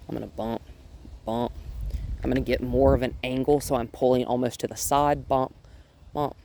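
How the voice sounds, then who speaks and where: A man working as a dog trainer outdoors on a driveway, explaining his steps while softly praising the dog. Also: medium pitch, fairly even intonation, normal speed, slight background noise. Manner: gentle, coaxing praise to a dog between explanations. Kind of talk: casual training vlog.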